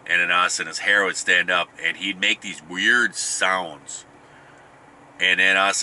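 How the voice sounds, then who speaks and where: A man's voice: low voice, steady tone, a little slow, pushed and bright, a little hiss or hum. A middle-aged man casually telling a rambling family story, often restarting and chuckling. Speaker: podcast host.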